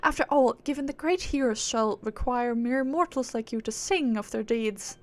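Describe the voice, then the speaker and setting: A woman's voice: a little high, moderate pace, natural voice. A woman voicing a haughty, aloof female spirit in a put-on British accent, talking in a lofty, commanding way. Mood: grandiose.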